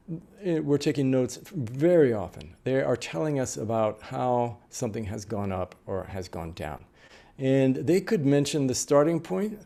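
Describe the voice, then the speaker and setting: A man's voice: medium pitch, creaky, dark tone. A middle-aged man teaching a class as an interpreter trainer, explaining patiently with frequent fillers and restarts. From United States. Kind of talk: lecture on note-taking.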